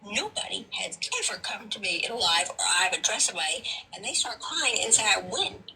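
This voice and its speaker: A woman's voice: mid-range voice, lively intonation, a little fast, a crowd in the background, low-quality recording. A woman hosting a group livestream, talking bluntly and joking at her own expense. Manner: blunt and self-mocking, talks back to the chat. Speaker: livestream host. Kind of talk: casual livestream chat.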